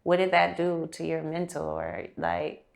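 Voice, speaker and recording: A woman interviewer with a low, gravelly voice asks questions slowly and unhurriedly. She chimes in often with soft, supportive murmurs as the other speaker talks. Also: big pitch swings. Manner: supportive, frequent murmured backchannels. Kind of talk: casual interview chat.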